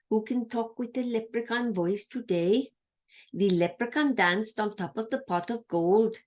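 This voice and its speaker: A woman teacher leading a children's grammar lesson, chanting labels in question-and-answer drills and playfully quizzing herself. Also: mid-range voice. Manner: plays a pretend student asking herself questions.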